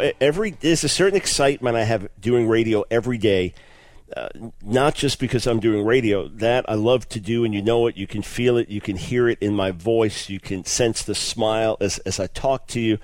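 A man's voice: medium pitch, darkish tone, no echo. A man hosting a radio broadcast, explaining his subject in an earnest, enthusiastic teaching monologue with frequent word repeats. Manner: earnest, enthusiastic, repeats words when restarting. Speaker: radio show host.

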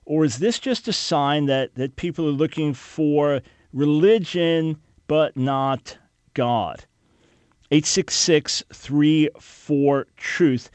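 Earnest radio talk host, dry studio. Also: male voice, a little high, takes it slowly, darkish tone, no echo. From New York. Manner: earnest, emphatic, with repeated restarts. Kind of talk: radio talk show monologue.

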